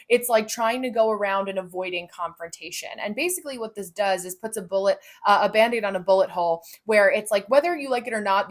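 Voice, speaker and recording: A young woman hosting a relaxed astrology explainer. She talks in a loose, chatty way with lots of "like" and "right?", and slips into little acted voices when she quotes people. Her pitch sits in the middle of the usual range. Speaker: astrology and Human Design host. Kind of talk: casual spoken explainer.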